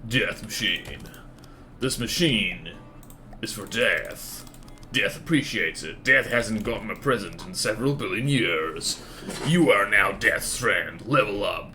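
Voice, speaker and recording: A man's voice: on the low side, sharp tone, slight background noise. A man streaming a game, chatting casually in a rambling, playful, self-mocking way. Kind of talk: casual livestream chatter while building in a game.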